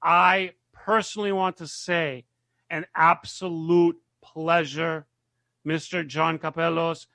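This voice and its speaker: A man co-hosting a casual podcast, telling stories in an excitable, animated way. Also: fairly high pitch, slow pace, vocal fry, dry recording. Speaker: podcast co-host.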